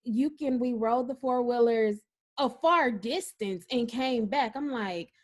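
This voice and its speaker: Laughing, animated woman podcast co-host. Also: on the high side, unhurried. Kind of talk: casual chat.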